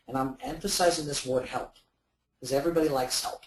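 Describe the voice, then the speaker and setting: A man's voice: mid-range voice, a little fast, roomy sound, slight background noise, poor audio. A man giving sales advice as a webinar guest, talking in a rambling way with many fillers and restarts. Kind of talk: webinar talk.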